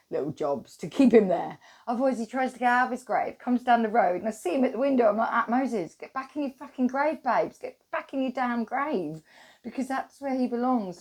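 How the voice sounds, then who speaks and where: A woman's voice: medium pitch, a little mellow. Woman, channel host, rambling monologue, casual swearing, wandering talk.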